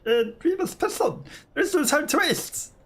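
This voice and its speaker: A man's voice: extremely high pitch, expressive, moderate pace, a bit bright, pitched above the performer's own voice. A man voicing a formal, honor-bound insect knight, reading game dialogue aloud in stiff, courtly phrasing. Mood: solemn.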